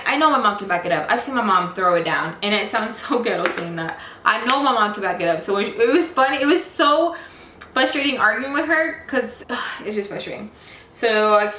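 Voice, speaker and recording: Young woman ranting about family on her vlog, bright voice, lots of like and you know, roomy echo. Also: medium pitch. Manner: emotional, frustrated, rambling with many fillers. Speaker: vlogger. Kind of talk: casual storytelling vlog. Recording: echoey room with faint noise.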